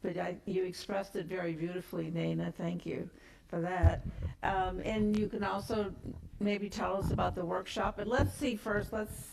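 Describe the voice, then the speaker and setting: A woman hosting a service, speaking gently. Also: fairly low pitch, little pitch movement, moderate pace, gravelly, slight background noise, rough recording. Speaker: host.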